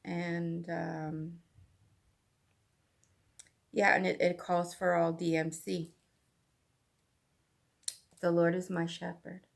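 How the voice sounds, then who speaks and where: A woman's voice: fairly low pitch, flat delivery, drawn-out words, gravelly, pauses often. A Canadian woman hosting a cross-stitch vlog, chatting casually in a rambling way with lots of asides. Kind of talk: casual chat.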